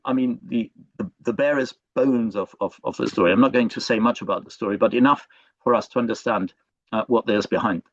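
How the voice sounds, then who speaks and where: A male professor gives an online lecture in a halting way, stopping often on fillers and restarting his phrases. The sound is dull and lo-fi, and the room is dry and close. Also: medium pitch, no room sound. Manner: hesitant, many fillers and restarts.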